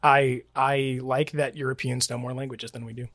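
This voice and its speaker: A man's voice: mid-range voice, level tone, normal speed, a bit bright, no room sound, clean studio sound. Rambling man hosting a podcast. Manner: rambling, restarts, laughs a lot. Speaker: podcast co-host. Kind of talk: casual chat.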